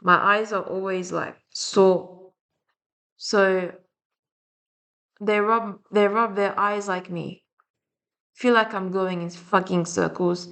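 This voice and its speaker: A woman's voice: medium pitch, fairly even intonation, slow, long pauses, fairly bright tone. A young adult woman with a French and Slavic accent, ranting bluntly and rambling with frequent swearing in a casual vlog. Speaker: vlogger. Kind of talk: casual rant to camera.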